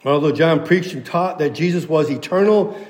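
Guy preaching a sermon, kinda high voice, leans hard on repeats, long church reverb. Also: moderate pace, a little mellow. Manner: emphatic, repeats key phrases. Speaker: pastor.

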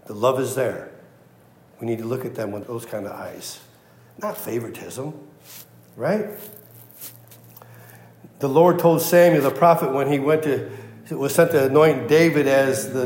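A man's voice: mid-range voice, darkish tone, roomy sound. A man preaching a sermon as pastor, emphatic and repeating his key phrases for weight. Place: church.

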